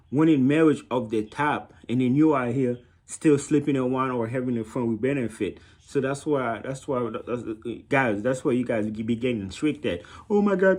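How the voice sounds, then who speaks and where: A man's voice: medium pitch, darkish tone. A man with a Haitian accent giving blunt, mocking dating advice in a casual monologue, often repeating himself.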